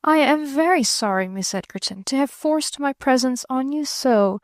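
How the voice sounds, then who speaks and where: A rattled young man who stammers and covers with dry irony, as a woman narrator puts him on. The voice sits on the high side for a man and the sound is dry and close. He talks in a wry, uneasy way in this audiobook. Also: expressive, normal speed, no echo. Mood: flustered. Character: flustered, ironic young man. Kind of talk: audiobook character reading.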